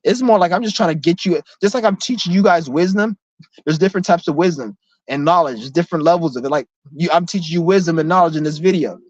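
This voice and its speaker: Here a fast-talking man with a higher-leaning voice vents angrily to the camera as a vlogger, swearing bluntly and picking fights. He keeps circling back and starting his sentences over. It's captured on dry, dull, lo-fi audio.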